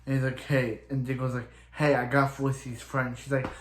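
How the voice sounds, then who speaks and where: A man's voice: mid-range voice, level tone, reverberant. A man casually recapping a TV episode, rambling and restarting as he paraphrases each character. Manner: rambling, halting retelling full of restarts and "he's like". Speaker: show reviewer.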